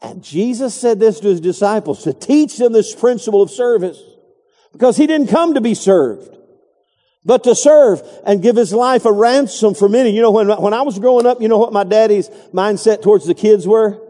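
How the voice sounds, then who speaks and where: A man's voice: high-pitched, normal speed, mellow, long reverb tail. A middle-aged man preaching a folksy, digressive sermon, acting out quotes along the way. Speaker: pastor.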